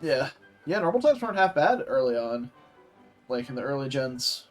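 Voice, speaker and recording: Man from the Southern US, casual game commentary, mid pitch, rambling, fillers, faint music. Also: very animated, moderate pace. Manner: rambling, many fillers and self-corrections. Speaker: streamer playing a game.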